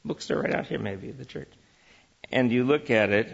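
A man giving a church teaching talk, lively and full of rhetorical questions, who also engages the audience. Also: medium pitch, moderate pace, vocal fry, slightly rough, long reverb tail, lo-fi sound. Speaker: Christian speaker teaching on work and business.

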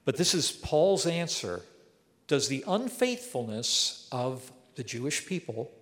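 A man's voice: mid-range voice, very animated, takes it slowly, a bit bright. Man, Bible teacher, emphatic, explanatory, long reverb of a hall. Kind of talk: verse-by-verse Bible lesson.

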